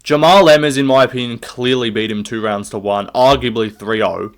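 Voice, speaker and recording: A young man rants through his fight picks, swearing freely and looping back on himself. He sounds loose and opinionated, talking at a middle pitch as he stands recording on his own. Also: a little fast. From Australia. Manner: rambling, profane, opinionated. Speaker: MMA fight predictor. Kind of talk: casual solo rant.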